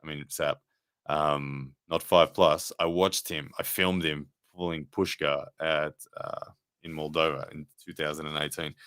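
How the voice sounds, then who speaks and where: A man's voice: very deep voice, steady tone, a little slow, fairly bright tone, clear, resonant tone, no echo, studio quality. A man hosting a casual live stream review, chatting loosely with many fillers and restarts while answering viewers' comments. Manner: rambling, conversational, frequent fillers and restarts. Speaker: livestream host and armwrestling commentator.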